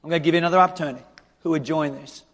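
A male pastor preaching a revival sermon with an altar call, swinging from loud shouting to hushed pleading. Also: on the high side, steady tone, racing. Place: large church auditorium. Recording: long hall reverb.

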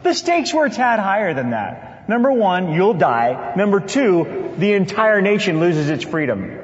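Animated high-voiced male preacher. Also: a little slow. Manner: animated, playful asides. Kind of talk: sermon. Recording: dull sound with long hall reverb.

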